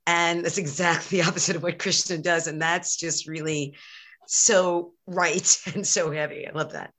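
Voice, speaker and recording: A woman shares her thoughts in a group class. Her voice is low in pitch but bright and sharp, and she talks haltingly, with restarts and frequent laughs. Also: fairly even intonation. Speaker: class participant. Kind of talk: casual sharing in class discussion.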